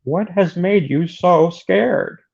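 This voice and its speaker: A man voicing a calm man who questions a frightened fugitive, his voice pitched up. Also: takes it slowly, vocal fry, slightly rough, heavily acted. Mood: questioning. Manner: pressing questions, raised pitch. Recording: dull lo-fi recording.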